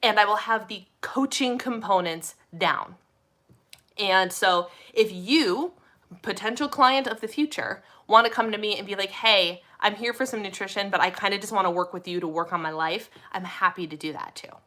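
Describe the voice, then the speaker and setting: A woman from the Minneapolis area hosts a relaxed live chat with her community. Her voice is bright and clear, and she talks in a chatty, upbeat way, reading comments aloud and answering them. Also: medium pitch, moderate pace. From Minneapolis area, USA. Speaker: host. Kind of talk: casual live chat with viewers.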